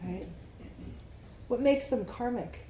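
A woman meditation teacher leads a dharma talk at an unhurried pace, her voice mellow and a little low. She keeps checking in with the group as she goes. The room is echoey, with a faint hiss behind her. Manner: slow, reflective, often asks "right?".

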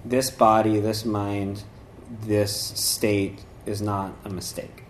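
A man's voice: on the low side, little pitch movement, takes it slowly, a little hiss or hum. A man giving a casual spiritual talk who rambles with lots of fillers and restarts, and acts out voices in his stories. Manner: acts out voices while telling a story. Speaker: dharma talk speaker.

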